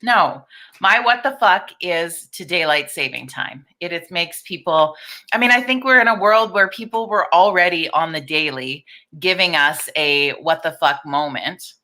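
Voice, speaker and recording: A woman's voice: lowish voice, unhurried, pushed and bright. A middle-aged woman hosting a casual live-stream chat, talking candidly, swearing freely and greeting viewers by name. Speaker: livestream host.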